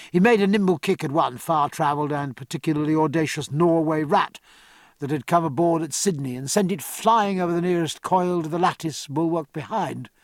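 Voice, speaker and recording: A man reads a seafaring novel aloud with a measured, even delivery. His voice sits slightly high for a man and the studio sound is dry and close. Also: no echo. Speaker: audiobook narrator. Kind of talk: scripted narration.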